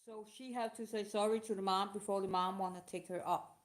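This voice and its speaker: Emotional woman answering questions, halting. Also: mid-range voice, fairly even intonation. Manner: halting, emotional, non-native phrasing. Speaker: live show host. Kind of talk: casual live talk answering questions.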